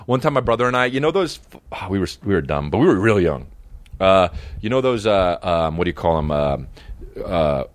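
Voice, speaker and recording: A man's voice: low voice, very animated, fairly quick, no room sound. A man riffing in a casual comedic monologue, rambling and profane, breaking into silly put-on voices. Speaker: comedian podcast host.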